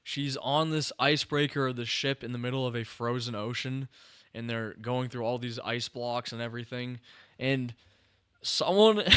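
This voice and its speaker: A young podcast host with a mid-range, somewhat bright, clean voice speaks at a moderate pace in a dry, clean studio recording. He chats casually about a film, rambling with lots of restarts and fillers, sounding a bit tired and yawning.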